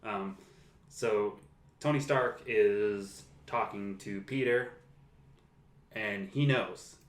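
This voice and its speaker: A man co-hosting a podcast, relaxed and chatty, recapping movie scenes and laughing often. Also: fairly low pitch, very slow, roomy sound. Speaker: podcast co-host. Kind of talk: casual movie discussion.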